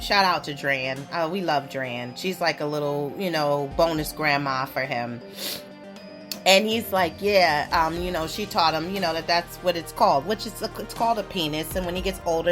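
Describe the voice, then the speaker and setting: A woman in her thirties hosting a podcast, telling stories in a casual, profane way and mocking the people she quotes. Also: on the low side. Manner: profane, animated storytelling with mocking quoted voices. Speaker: podcast host. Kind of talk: casual explicit monologue.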